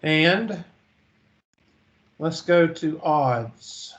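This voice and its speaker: A man's voice: fairly high pitch, animated, a bit bright, rough recording. A man teaching a math lesson, drowsy and yawning, methodically reading numbers and calculator steps one by one. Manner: slow, methodical, reads digits one by one. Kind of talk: calculator walkthrough lecture.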